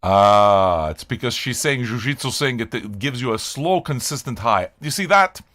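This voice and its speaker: Expressive and a bit bright, his mid-range voice moves at normal speed. He's an older music reaction streamer from Canada in a casual live-stream chat, wandering off topic, swearing, and bantering with his audience.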